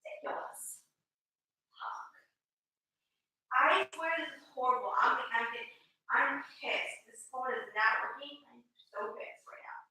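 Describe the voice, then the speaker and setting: A woman's voice: high-pitched, a little slow, bright, forceful tone. Frustrated woman tarot reader, echoey room. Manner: frustrated, mutters to herself, swears. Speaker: tarot reader and livestream host. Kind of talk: casual livestream chat.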